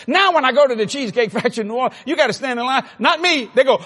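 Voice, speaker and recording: A man preaching a sermon, telling a funny story with laughter and sudden shouts. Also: very high-pitched, racing, hardly any pauses. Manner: animated, laughing, bursts into shouts.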